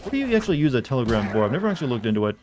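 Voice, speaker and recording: A man's voice: mid-range voice, sing-song, very fast, background noise. Chatty male streamer, rambling commentary. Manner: rambling, chatty, with frequent restarts. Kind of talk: casual gameplay commentary.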